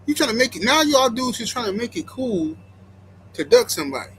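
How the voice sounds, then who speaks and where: A man's voice: very high-pitched, big pitch swings, a little fast, slight background noise, poor audio. A man hosting a boxing channel, reacting bluntly and mockingly to clips. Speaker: boxing commentary channel host.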